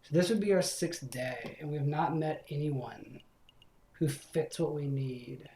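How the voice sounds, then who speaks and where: Man commentating a story game, thinking aloud, mellow tone, roomy echo. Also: fairly high pitch, unhurried, gravelly. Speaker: let's play host.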